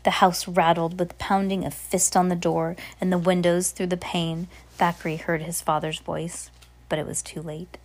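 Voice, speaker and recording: Woman reading a storybook aloud, low-voiced. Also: level tone, moderate pace. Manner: unpolished, frequent restarts. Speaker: reader.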